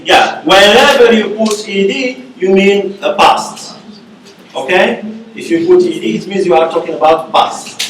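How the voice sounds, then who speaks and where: High-voiced man lecturing in echoey classroom. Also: unhurried, a bit bright, slight background noise. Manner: repeats key words, checks understanding with "okay?". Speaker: university lecturer. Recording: echoey room from far off.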